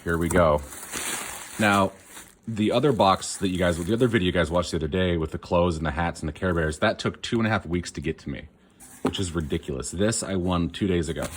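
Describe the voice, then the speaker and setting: Deep-voiced man chatting in a cold garage. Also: a little fast, noisy background. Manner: chatty and rambling, self-mocking asides. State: cold, shivering. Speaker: online reseller. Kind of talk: casual unboxing vlog.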